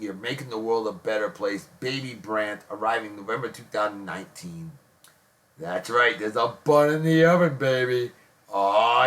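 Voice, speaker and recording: A man hosting a casual online show, gushing jokey praise and shout-outs to friends. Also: medium pitch. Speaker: host of a daily beer and music show.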